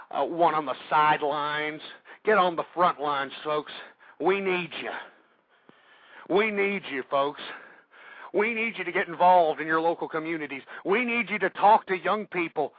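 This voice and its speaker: Furious shouting talk-radio host, tinny audio. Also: male voice, vocal fry, husky, dry recording. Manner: angry, shouting, swinging between yelling and low muttering. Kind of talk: ranting talk radio monologue. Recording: dry, tinny phone-like internet radio audio.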